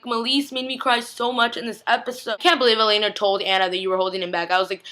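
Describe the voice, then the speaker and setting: A woman's voice: medium pitch, level tone, fast talker, few pauses, pushed and bright. A young woman recapping a TV episode in a chatty, gushing way, emotional and close to tears, peppering her talk with "like" and acting out quotes. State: teary, on the verge of crying. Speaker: TV recap vlogger.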